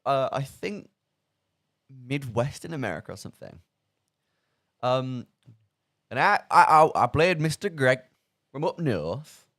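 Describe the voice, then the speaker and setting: A young man from the English Midlands hosts student radio in casual chat on a studio mic. He talks in a chatty, jokey way and laughs at himself. His mid-pitched voice swings up and down with great energy. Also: sing-song, a little slow, pauses often, a bit bright.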